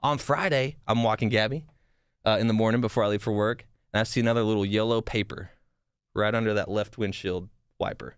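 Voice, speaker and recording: Animated rambling man, dry close sound. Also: fairly low pitch, a little fast, clear, resonant tone, no echo. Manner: rambling, animated, frequent swearing and restarts. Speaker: podcast host. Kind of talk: casual storytelling.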